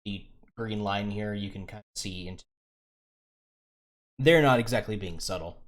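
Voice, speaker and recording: A man's voice: fairly low pitch, normal speed. A man narrating a tabletop game as game master, in a loose way with many fillers.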